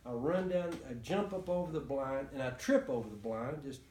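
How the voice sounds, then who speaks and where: A man's voice: mid-range voice, normal speed, background noise. A man telling a story to a small group, rambling with many restarts and chuckles. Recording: echoey room, mic from far off.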